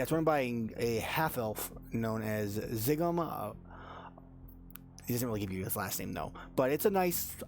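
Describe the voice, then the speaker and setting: A man narrating as dungeon master in a tabletop game, hesitant, with many ums and restarts. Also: medium pitch. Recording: faint music behind.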